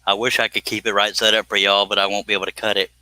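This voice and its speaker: A man's voice: lowish voice, level tone, rapid-fire, bright, forceful tone, no echo, poor audio. A man, hosting a live stream and chatting casually while he works, rambling and self-deprecating.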